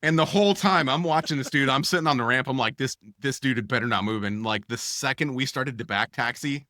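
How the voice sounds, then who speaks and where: Bright-voiced man telling a story. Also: medium pitch, a little fast, no room sound, studio quality. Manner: animated, acts out dialogue with lots of fillers. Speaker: podcast co-host. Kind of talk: casual storytelling.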